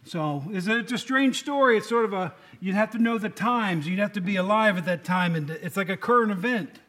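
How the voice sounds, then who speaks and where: A man's voice: high voice, brisk, fairly bright tone. A man giving a casual, joking sermon to a congregation, often asking them questions. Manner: chatty, joking, asks the room questions. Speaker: lay preacher.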